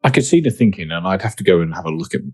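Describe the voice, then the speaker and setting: Husky-voiced male podcast host. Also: low voice, expressive, rapid-fire, a little mellow, dry recording. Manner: friendly, laughs often, asks questions. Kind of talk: casual interview.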